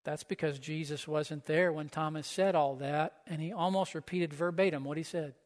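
High-voiced male pastor preaching in a hall. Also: steady tone, normal speed. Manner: conversational preaching, asks listeners questions. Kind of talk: sermon. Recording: echoey hall.

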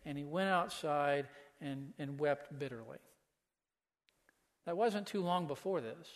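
A man's voice: fairly high pitch, a little slow. A man preaching a sermon as pastor, earnest, asking the listeners pointed questions. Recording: long hall reverb.

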